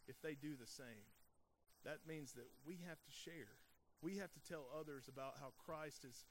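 A man's voice: a little high, normal speed, slight background noise. A man preaching a sermon in an earnest way, asking the congregation rhetorical questions and often restarting his phrases. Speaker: pastor.

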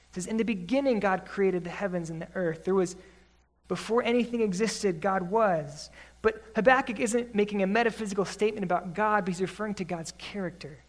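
A Bible teacher with a high voice preaches an expository sermon. He reads scripture slowly, then explains it conversationally, his emphasis rising earnestly.

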